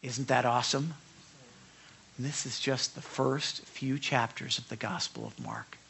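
A man preaching an animated sermon to young listeners into a microphone, emphatic and often checking in with the room. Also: medium pitch, measured pace, creaky, slight background noise. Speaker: pastor teaching a youth group.

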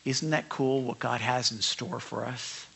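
A man preaching an animated sermon to young listeners into a microphone, emphatic and often checking in with the room. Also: medium pitch, a little slow, gravelly, breathy edge. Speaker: pastor teaching a youth group.

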